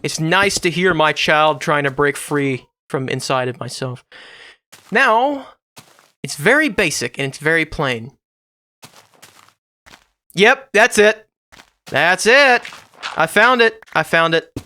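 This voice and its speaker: A man's voice: fairly high pitch, expressive, slow, long pauses, pushed and bright. A man hosting his own gaming channel, giving casual, rambling, jokey commentary to himself while he builds in a game.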